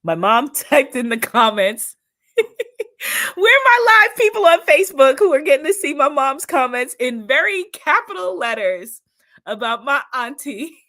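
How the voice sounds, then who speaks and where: A woman's voice: high-pitched, very animated, a little slow, bright, forceful tone. A woman hosting an inspirational live-stream talk, enthusiastic, laughing often and repeating affirmations. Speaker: spiritual host.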